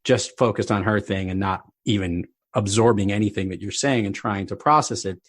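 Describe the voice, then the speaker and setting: A man's voice: on the low side, brisk, no room sound. Man hosting a podcast, dry sound. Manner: thoughtful, rambling, with restarts. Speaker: podcast host. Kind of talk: conversational podcast interview.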